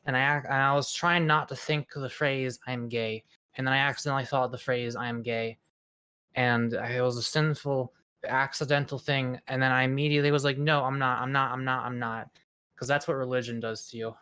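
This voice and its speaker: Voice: medium pitch, little pitch movement, a little fast, pushed and bright, smooth. A streamer in casual chat, reading quiz pages aloud with stammers and swearing, at times in a mock news-anchor delivery.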